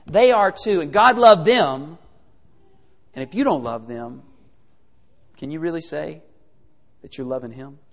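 A man preaching a sermon in a conversational, animated way, full of rhetorical questions. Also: fairly high pitch, measured pace, creaky, long pauses, in a large hall.

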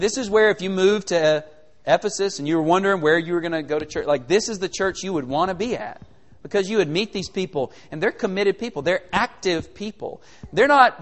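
A man preaching a sermon in a conversational, animated way, full of rhetorical questions. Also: high voice, long reverb tail.

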